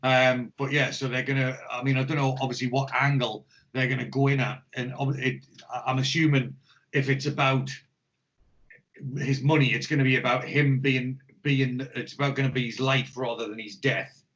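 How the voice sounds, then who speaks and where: A man's voice: medium pitch, fairly even intonation, moderate pace, fairly bright tone. An English man co-hosting a podcast, chatting casually and rambling with lots of swearing and jokes. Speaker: podcast co-host. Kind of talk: casual chat. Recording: dull lo-fi podcast audio.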